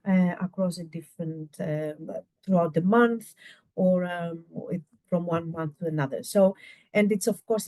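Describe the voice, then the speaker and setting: A woman with a fairly low voice presents a university program in an online webinar. She talks in a halting way, often pausing to search for words. The sound is dry and close, with no room around it. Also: dark tone, dry recording. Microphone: video call microphone.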